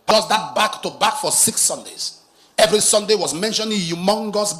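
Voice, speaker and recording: A high-pitched man preaching, spinning a dramatic cautionary tale. He swings between quiet asides and loud, emphatic peaks. Soft music plays faintly behind him. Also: a little fast. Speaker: pastor. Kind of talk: sermon storytelling.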